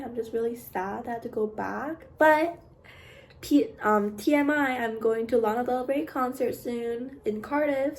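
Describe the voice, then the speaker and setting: Young woman vlogger, a little high-pitched, casual and rambling, heavy on fillers. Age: young adult. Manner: chatty, rambling, many fillers, drops to soft asides. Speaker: vlogger, art student. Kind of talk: casual chat.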